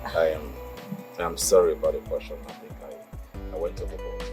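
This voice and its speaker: Over loud music, a very deep male voice speaks at normal speed in a level tone. He's an actor in a film portraying a middle-aged widowed father, employer to his maid, to whom he anxiously confides his worries.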